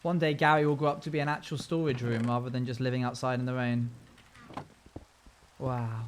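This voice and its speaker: A man's voice: medium pitch, level tone, fairly quick, slight background noise. A man streaming a game live, chatting casually with his viewers, reading their comments aloud and humming little tunes as he builds. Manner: hums and scats tunelessly while building. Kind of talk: casual live-stream chat while playing.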